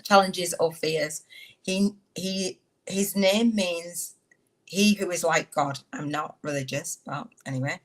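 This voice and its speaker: A woman with a slightly low voice hosts a casual livestream. She reads an oracle card aloud and chats with her viewers in an affectionate, emotional way, calling them darling and beautiful. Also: slow, poor audio. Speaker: podcast host on a livestream.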